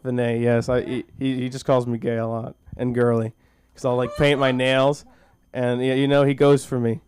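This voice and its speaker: A man doing stand-up and a recited monologue at an open mic on a small comedy school stage, rambling and goofy with halting restarts and self-deprecating jokes. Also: mid-range voice, flat delivery, darkish tone, clear, resonant tone. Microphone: handheld stage mic.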